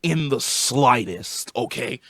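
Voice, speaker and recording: A man's voice: mid-range voice, expressive, slow, sharp tone. A man reviewing a show in a heated, angry rant, swearing and repeating himself for emphasis, his voice wearing out. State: losing his voice.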